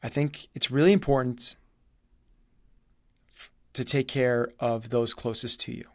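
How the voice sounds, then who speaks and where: A man's voice: medium pitch, fairly even intonation, a little slow, no echo. A man telling a story in conversation, acting out quoted dialogue as he goes. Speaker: guest.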